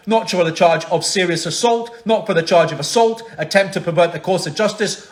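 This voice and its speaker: Impassioned man, high voice. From Scotland. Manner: forceful, rhetorical, repetitive emphasis. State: angry. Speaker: human rights lawyer. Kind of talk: impassioned protest speech. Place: home, online protest. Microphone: video call.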